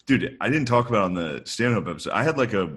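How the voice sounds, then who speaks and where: A man's voice: fairly low pitch, lively intonation, rapid-fire, fairly bright tone, husky. A man in his thirties co-hosting a comedy podcast, telling loose, profane stories and laughing as he goes. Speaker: podcast co-host. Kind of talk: casual comedic chat.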